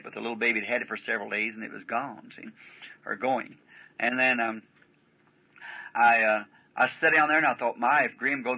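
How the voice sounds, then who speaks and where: On a dull, lo-fi archival sermon tape, a man with a fairly high, bright, forceful voice and a breathy edge preaches. He tells a story in a folksy, rambling manner, frequently breaking in with "see?".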